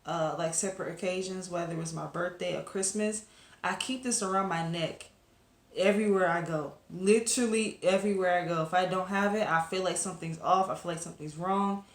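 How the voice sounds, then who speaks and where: A woman's voice: on the low side, steady tone, brisk, roomy sound. A woman reviewing a webcomic episode to camera in a casual, rambling chat full of fillers and asides to her viewers.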